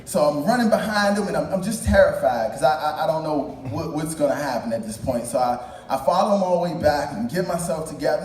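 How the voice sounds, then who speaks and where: A man's voice: a little high, darkish tone. Man telling a story in an echoey hall. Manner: halting, repeats words, self-mocking. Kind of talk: live personal storytelling. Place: stage at a live storytelling event. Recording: echoey hall, mic at a distance, faint noise.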